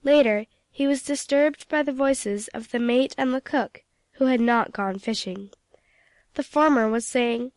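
A woman narrating a classic storybook in a clear, measured reading. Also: fairly high pitch, darkish tone, no echo.

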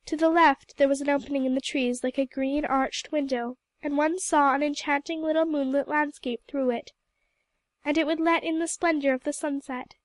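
A woman narrating a novel in a gentle, even storybook reading. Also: sits high, moderate pace, dry recording. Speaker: audiobook reader. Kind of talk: scripted narration.

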